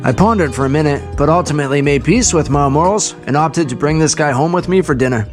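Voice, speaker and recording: A man's voice: a little high, quick pace, soft background music. A man vlogging outdoors in a casual, laid-back and upbeat way, chatting and narrating. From Canada. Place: outdoors on a coast.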